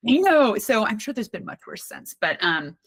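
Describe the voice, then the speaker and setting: Low-voiced woman telling candid stories. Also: normal speed, creaky, slightly rough, no echo. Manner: candid, animated, with frequent restarts and laughs. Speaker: podcast guest, mountaineer. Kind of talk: casual conversational storytelling.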